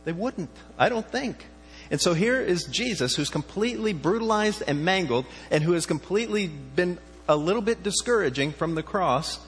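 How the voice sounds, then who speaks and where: A man's voice: high-pitched, animated, normal speed. A man preaching in a conversational tone, asking his congregation questions as he goes. His voice carries a long reverb from a large hall. A faint mains hum sits underneath. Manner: conversational, asks the listeners questions. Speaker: pastor. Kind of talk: sermon.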